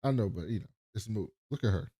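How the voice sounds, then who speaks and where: A man co-hosting a podcast, recapping a TV episode in animated casual chat and acting out scenes. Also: on the low side, quick pace, breathy edge. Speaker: podcast co-host.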